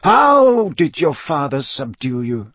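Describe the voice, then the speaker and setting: Guy reading as a calm old wizard headmaster, soft and measured, slightly higher voice, dull dry audio. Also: dry recording, full character voice. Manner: quiet, soft, measured questioning. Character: elderly wise wizard headmaster, calm and gentle.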